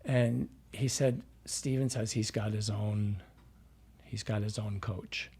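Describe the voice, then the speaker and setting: A man who works as a dialect coach chats casually in an interview, telling anecdotes in a relaxed, rambling way full of fillers and restarts. His voice is mellow, a little husky, and on the low side, and he takes it slowly.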